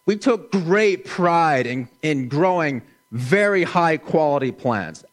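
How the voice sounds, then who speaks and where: A middle-aged man preaching a sermon in a slow, gentle, measured way, dropping his voice softly for emphasis. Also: fairly high pitch, expressive. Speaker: pastor.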